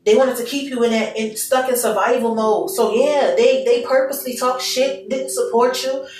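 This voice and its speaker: A woman's voice: a little high, fairly even intonation, normal speed, darkish tone, echoey room, distant mic, low-quality recording. A young woman giving a casual tarot reading to her viewers, candid and emotional, full of slang and swearing. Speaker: tarot reader.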